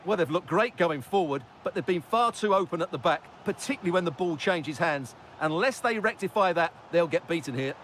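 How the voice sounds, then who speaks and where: A man giving tactical analysis as co-commentator, measured, often starting with "well". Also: on the high side, animated, fairly bright tone, slight background noise. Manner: measured, opens remarks with "well".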